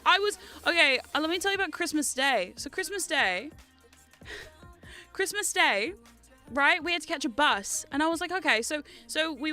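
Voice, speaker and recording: Bright high-voiced woman streamer. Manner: chatty, laughing, swearing freely. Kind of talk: casual livestream chat.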